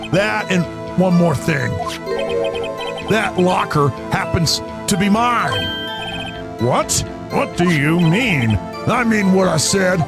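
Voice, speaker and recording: Laid-back cowboy detective, put on by a man, slow drawl, gravelly rasp, modulated voice. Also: full character voice. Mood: wry, drawling. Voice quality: gravelly, rough. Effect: voice modulator, deepened. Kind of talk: let's play character voice.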